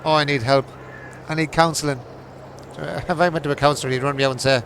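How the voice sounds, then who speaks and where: A man hosts a livestream of a farming game, chatting casually with viewers, teasing them in jokey banter, laughing often and swearing freely. His voice is a little high, gravelly and fairly bright, with fairly even intonation and a quick pace, plus a little hiss or hum.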